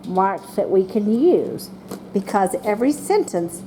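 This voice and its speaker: A woman teaching a class of young children, speaking slowly and patiently and calling on each child by name. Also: mid-range voice, a little hiss or hum. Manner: slow and patient, calling on children by name, voicing excited examples.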